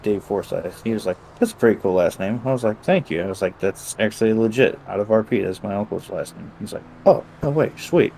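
A man with a low, mellow voice tells a roleplay story in a loose, casual way. He acts out both sides of the dialogue as he goes and swears freely. A faint hiss sits under the recording. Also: vocal fry, poor audio. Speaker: gamer recounting a roleplay session. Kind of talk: casual chat.

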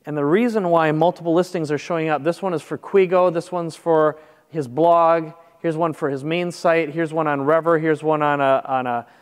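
A man's voice: fairly high pitch, fairly even intonation, moderate pace, smooth, in a large hall. A man presenting a marketing seminar in a conversational way, often checking in with the audience. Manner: conversational, checks in with "make sense?". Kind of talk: seminar talk with slides.

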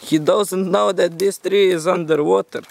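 A man's voice: sits high, steady tone, normal speed, creaky. A man vlogging outdoors by a forest river, in a teasing, mock-dramatic way, talking to his viewers. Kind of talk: playful outdoor vlog commentary.

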